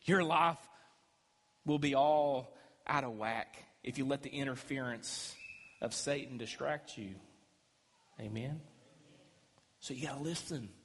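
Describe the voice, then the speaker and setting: A man preaching a sermon as pastor, emphatic and swinging between loud and quiet. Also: on the high side, measured pace. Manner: emphatic preaching, rising and dropping loudness. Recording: echoey hall with long reverb.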